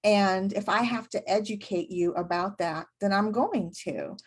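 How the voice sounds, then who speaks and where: A woman co-hosting a podcast, talking in a thoughtful, searching way with frequent pauses. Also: medium pitch, husky. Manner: thoughtful, many fillers and restarts. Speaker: podcast co-host, medium. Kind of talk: reflective casual chat.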